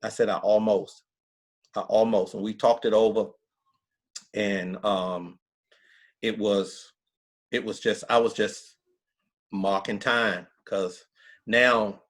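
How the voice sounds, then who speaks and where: A man's voice: lowish voice, a bit bright. A middle-aged man, a pastor, telling his story in an interview with emphatic, earnest country talk. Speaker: pastor, guest.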